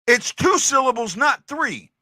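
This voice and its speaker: A man's voice: extremely high pitch, expressive, a little slow, bright, forceful tone, no echo, studio quality. A man hosting a casual hockey livestream, chatting to his viewers and repeating himself as he talks. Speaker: hockey podcast host.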